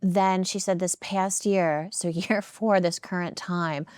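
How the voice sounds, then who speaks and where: A woman telling a heartfelt story in an interview, earnest and halting, with frequent ums and restarts. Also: lowish voice, steady tone, darkish tone, clear, resonant tone, dry recording. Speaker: nonprofit founder and guest.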